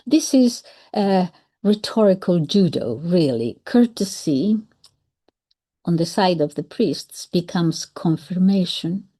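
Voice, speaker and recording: A woman speaks in a slow, unhurried, measured way as she analyzes the wording of a historical text. Her voice sits a little low and sounds warm and mellow. Now and then she drops into soft whispered asides. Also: expressive. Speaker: commentator on historical texts. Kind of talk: reflective commentary.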